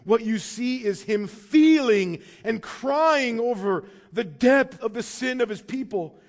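A man preaching a sermon as pastor, swinging between loud urgent pleading and quiet low asides. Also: lively intonation, slow pace.

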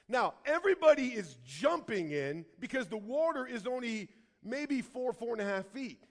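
A middle-aged man preaching a sermon through a personal story, swinging from loud urgency to hushed reflection. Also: high voice. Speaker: pastor.

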